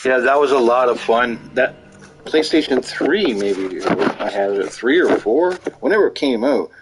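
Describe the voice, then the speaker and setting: A gaming streamer with an animated, mid-range voice chats at a measured pace over game music and other background noise. He rambles, tells stories, and swears freely.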